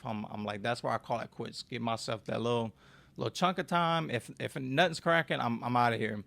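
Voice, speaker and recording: Young guy w a gravelly voice, tells his story raw n blunt, cusses a lot. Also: mid-range voice, fairly quick, a bit bright, no echo. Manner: candid and raw, swears freely. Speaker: podcast guest. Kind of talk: personal storytelling.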